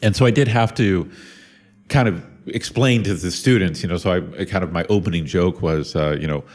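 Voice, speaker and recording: A man's voice: sits low, moderate pace, a little mellow. A middle-aged man from Ohio, co-hosting a casual podcast and talking thoughtfully, with many restarts and repeated words. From Ohio, USA. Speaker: podcast co-host and university lecturer.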